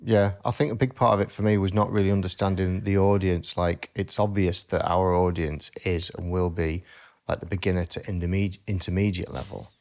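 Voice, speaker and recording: A man's voice: low-pitched, fairly even intonation, brisk, darkish tone. A man co-hosting a podcast, talking in a reflective, candid way in casual chat.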